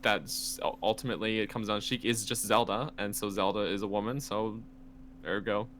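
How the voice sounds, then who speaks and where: A man's voice: fairly low pitch, fairly even intonation, moderate pace, fairly bright tone, slight background noise. A man co-hosting a gaming podcast in casual chat, rambling and laughing often, with plenty of fillers. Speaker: podcast co-host.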